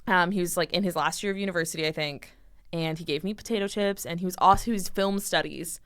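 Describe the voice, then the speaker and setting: Young woman, podcast co-host, casual storytelling, smooth clear voice, dry close sound. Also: on the low side, quick pace, no room sound. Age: young adult. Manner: animated storytelling, acting out quoted dialogue. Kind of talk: casual chat.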